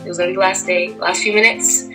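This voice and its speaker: A woman's voice: fairly low pitch, little pitch movement, quick pace, poor audio. A young adult woman in a casual storytelling interview, talking in a chatty way full of "like" and "you know". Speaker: actress interviewee. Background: music.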